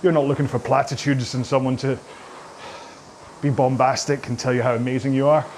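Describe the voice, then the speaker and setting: A Scottish man of middle pitch, around forty, talks viewers through a cooldown stretch routine. He rambles into jokes and pokes fun at himself between plain cues. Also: little pitch movement, fairly quick, darkish tone, a little hiss or hum. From Scotland. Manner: jokey, rambling, self-deprecating. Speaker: rowing fitness instructor. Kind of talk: follow-along stretching instruction.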